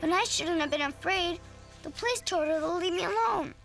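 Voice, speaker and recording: A woman's voice: extremely high pitch, fairly quick, creaky, music in the background. A woman voicing a frightened young schoolboy in a radio drama, panicky and pleading. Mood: worried.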